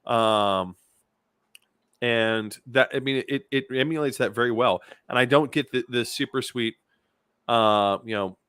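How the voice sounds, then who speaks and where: A man's voice: mid-range voice, measured pace, fairly bright tone, smooth, no echo. Guy co-host rambling about beer taste, mid voice, stumbles a lot, dry sound. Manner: hesitant, lots of restarts and fillers, descriptive. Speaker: podcast co-host. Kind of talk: casual chat, beer review.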